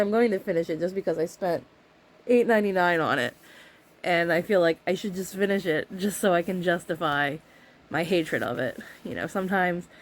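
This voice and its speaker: A woman with a lowish voice vlogs at home, chatting casually to the camera about a book she dislikes. She sounds sarcastic and exasperated and laughs often, with a little hiss or hum in the background.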